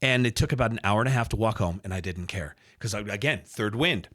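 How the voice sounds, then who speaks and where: A man in his fifties, a radio host and announcer, telling a lively story and acting out the other people's lines as he goes. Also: fairly low pitch, fast talker. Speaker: radio host and sports announcer, podcast guest. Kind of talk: animated storytelling anecdote.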